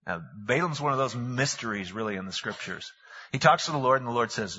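A male pastor preaches in a folksy storytelling way and drops slang asides. His voice is bright and husky, and the recording is dull and lo-fi, with a long reverb from a hall. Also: on the low side, normal speed. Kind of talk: sermon.

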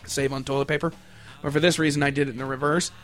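A man's voice: mid-range voice, little pitch movement, fast, faint music behind. A man hosting a comedy show, ranting in a crude, rambling way and swearing constantly. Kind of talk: profane comedic rant.

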